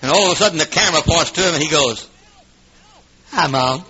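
Fiery preacher man, bright and high. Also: rapid-fire, slight background noise. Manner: shouting, swinging from booming to hushed, with coughs. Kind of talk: fiery revival sermon. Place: church. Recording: dull lo-fi old recording.

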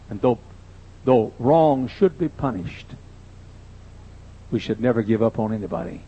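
Older guy pastor, kinda husky, telling funny folksy stories in a sermon, dull old recording. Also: medium pitch, lively intonation, unhurried, long pauses, mellow. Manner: folksy, joking anecdotes. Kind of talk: humorous sermon storytelling.

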